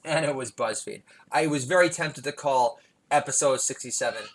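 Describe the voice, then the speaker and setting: A man's voice: mid-range voice, moderate pace, a little hiss or hum, rough recording. Rambling, jokey man hosting a podcast. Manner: self-deprecating, digressive, jokey; bursts of loud emphasis. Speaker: comedy podcast host. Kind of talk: rambling comic monologue.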